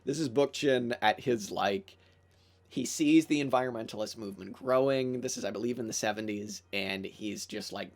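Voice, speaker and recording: A man's voice: fairly low pitch, normal speed. Casual, profane young man streaming. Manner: loose, profane, enthusiastic, full of fillers. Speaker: podcast host. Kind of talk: casual livestream commentary reading aloud. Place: room near church bells.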